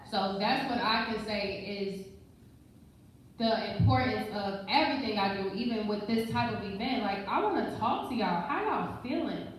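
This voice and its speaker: A woman's voice: medium pitch, moderate pace. A woman giving a direct, encouraging motivational talk as a panel speaker at a live podcast event. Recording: echoey room, distant mic, faint noise.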